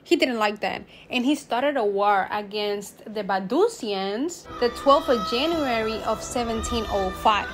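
A woman's voice: on the high side, measured pace, hardly any pauses, music in the background. A woman telling a made-up history in a mock-serious, dramatic way, now and then laughing at herself.

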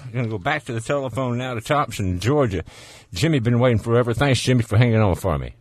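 A man's voice: mid-range voice, animated, fast, hardly any pauses, no room sound. A man with a Southern US accent hosting a call-in radio show, folksy and joking in a casual studio chat. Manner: folksy, joking, laughs easily. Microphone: studio microphone.

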